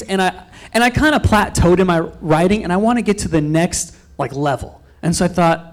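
A man's voice: high-pitched, normal speed. A young man giving a loose, rambling sermon as a pastor, telling a story and acting out quotes of himself and others. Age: young adult. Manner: loose, rambling with frequent fillers and restarts.

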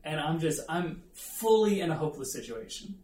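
A man's voice: a little high, sing-song, normal speed, darkish tone. A man preaching a conversational sermon, telling a self-deprecating story with asides to the audience. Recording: echoey room, mic at a distance.

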